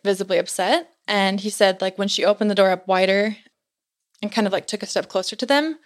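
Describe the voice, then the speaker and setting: Chatty young woman telling a spooky story. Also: medium pitch. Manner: chatty, frequent "like" fillers.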